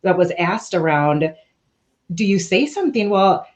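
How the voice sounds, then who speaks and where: A woman's voice: lowish voice, animated, a little slow. A woman speaking as a panelist, candid and questioning, often checking in with "right?". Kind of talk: reflective panel discussion.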